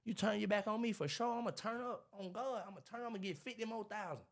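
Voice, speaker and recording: Fast-talking man, animated preachy storyteller. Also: sits high. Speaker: podcast guest, motivational speaker. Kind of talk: casual interview talk.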